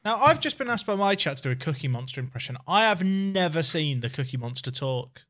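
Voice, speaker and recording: Teasing male streamer with lively pitch. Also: brisk. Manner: dry teasing, mock-accusing. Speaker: streamer and host. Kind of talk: casual banter on a game stream.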